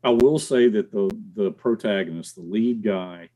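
A man's voice: lowish voice, normal speed. A man, a guest on a podcast, chatting casually and telling stories about acting and accents. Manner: animated, jumps in, mimics voices in anecdotes. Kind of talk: casual chat, storytelling.

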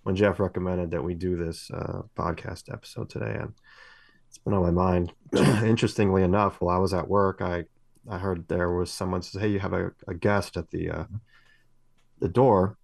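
A man's voice: deep voice, steady tone, moderate pace, creaky, a little mellow, no echo. A middle-aged man co-hosting a podcast, telling long rambling stories with many fillers and restarts. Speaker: podcast co-host. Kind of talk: casual podcast chat.

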